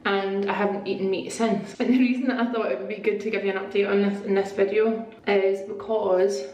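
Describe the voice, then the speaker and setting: A woman talks to her viewers in a casual, excitable vlog, wandering off into little asides. Her voice sits at an ordinary middle pitch. The home room around her is echoey, with faint background ambience. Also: fairly quick, a little hiss or hum. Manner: chatty, excitable, rambling asides. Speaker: beauty vlogger. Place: at home, part of it in her bathroom.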